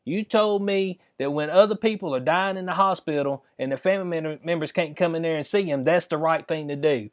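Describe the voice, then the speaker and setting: A man with a fairly high voice delivers heated political commentary on his channel. He talks in a loose, slangy way and hammers his points home with blunt, emphatic outbursts. The sound is close and dry, with no room echo. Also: brisk, few pauses, lo-fi sound. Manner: emphatic, informal, slangy, laughs often. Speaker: channel host.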